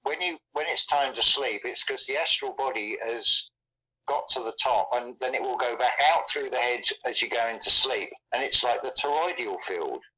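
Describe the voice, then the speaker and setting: A man with a bright, forward voice talks casually. He speaks in halting bursts, often repeating a word before going on. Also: mid-range voice, breathy edge, rough recording. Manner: halting, repeats words while thinking. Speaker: guest. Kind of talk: casual conversation.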